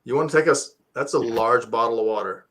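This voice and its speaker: Man hosting an online show, English as second language, joking, rambling, mid pitch. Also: fairly quick, a bit bright. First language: not English. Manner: joking, rambling, self-deprecating. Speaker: talk show host. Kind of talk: casual interview chat. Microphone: video call.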